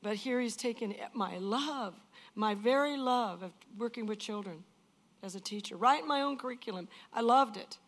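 A woman's voice: on the high side, normal speed. An older woman giving an emotional personal testimony in an earnest, emphatic way, often repeating phrases.

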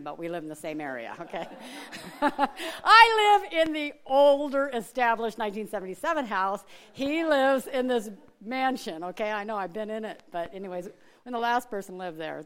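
A middle-aged woman from Alaska giving a chatty sermon full of personal stories, laughing often and acting out other people's voices. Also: lowish voice. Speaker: church speaker.

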